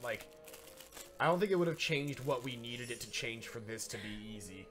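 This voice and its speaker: A man streaming a video game and chatting casually, thinking aloud in a relaxed, rambling way. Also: mid-range voice, moderate pace. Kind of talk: casual chat while gaming. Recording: game music behind the voice.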